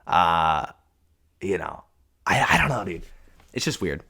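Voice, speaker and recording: A young man from Washington state hosts a casual solo podcast. His voice sits fairly low. He rambles in halting starts and restarts, swears often and calls the listener dude. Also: very animated, creaky, bright, forceful tone, slightly rough. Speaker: podcast host.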